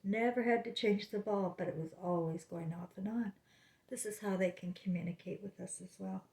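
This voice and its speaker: A woman's voice: mid-range voice, moderate pace, creaky, darkish tone. A woman vlogging at home, talking in a meandering way with many fillers and restarts. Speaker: spiritual vlogger. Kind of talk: rambling casual monologue. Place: home, living room. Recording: roomy echo.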